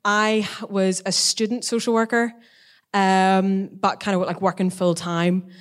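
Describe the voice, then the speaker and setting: A young adult woman giving a casual spoken testimony as a guest, a lively storyteller who talks at length. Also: medium pitch, measured pace, clear, resonant tone.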